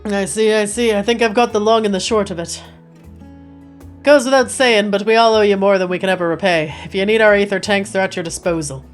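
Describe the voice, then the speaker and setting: A woman voicing a small, gruff male engineer in a game, reading his lines with a put-on Scottish brogue in a hearty, blunt manner. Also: medium pitch, brisk, faint music behind, natural voice.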